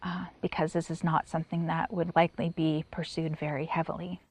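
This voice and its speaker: A middle-aged woman giving personal testimony in an interview, soft-spoken and halting, with many pauses and restarts, sometimes near a whisper. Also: deep voice, flat delivery, a little hiss or hum. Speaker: sign language interpreter.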